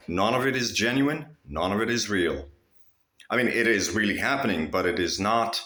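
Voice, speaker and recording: A man's voice: sits low, reverberant. A man talking straight to his viewers in a rambling, profane monologue, restarting his sentences often. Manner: rambling, profane, with frequent restarts and animated swings. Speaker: vlogger. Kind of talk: casual monologue to camera.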